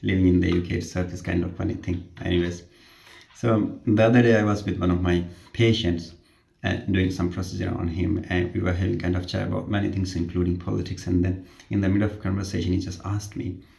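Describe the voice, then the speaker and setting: Gravelly low-voiced man telling a story. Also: little pitch movement, brisk, darkish tone. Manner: conversational, self-deprecating. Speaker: healthcare worker. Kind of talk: casual anecdotal storytelling. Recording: roomy echo.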